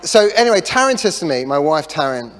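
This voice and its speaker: A middle-aged man preaching a sermon as a pastor, telling a story in a chatty way with self-deprecating jokes and lively asides. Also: on the high side, fairly quick. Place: church hall. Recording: long reverb of a church hall.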